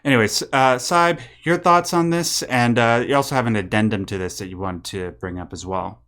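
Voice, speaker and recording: A man's voice: medium pitch, normal speed, fairly bright tone. A man co-hosting a gaming news podcast, talking casually and passing the topic to his co-host. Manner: conversational, hands questions to co-host.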